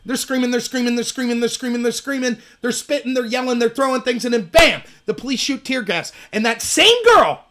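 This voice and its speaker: This man speaks a little fast with few pauses, his intonation lively and his voice a bit bright. On his solo political stream, he rants forcefully and sarcastically, imitates opponents in shrill, high tones, and reads out live chat messages, answering them.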